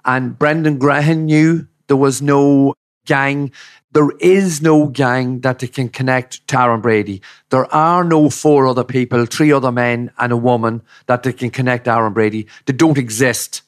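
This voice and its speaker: A man's voice: medium pitch, steady tone, moderate pace. A middle-aged man, a campaigning father telling his case in an interview, emphatic and indignant. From Ireland. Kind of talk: podcast interview.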